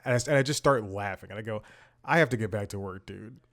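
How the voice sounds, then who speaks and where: A man's voice: on the low side, fast talker, fairly bright tone. Rambling casual male show host. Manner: rambling, self-interrupting storyteller. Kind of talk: casual comedic monologue.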